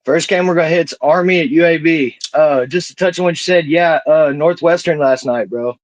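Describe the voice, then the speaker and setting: A man's voice: a little high, moderate pace, dry recording, low-quality recording. A man appearing as a guest tipster, casually reading out stats and his betting picks. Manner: relaxed, reads out stats. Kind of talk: casual sports picks talk.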